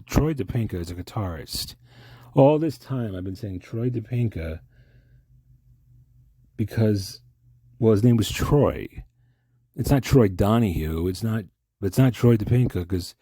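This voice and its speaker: A man riffing through a comic monologue, rambling and cutting himself off mid-thought. His voice is low and husky, with a dark, mellow tone, and his pitch swings widely as he talks. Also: expressive, a little slow, dry recording, studio quality. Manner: rambling, self-interrupting, stammering.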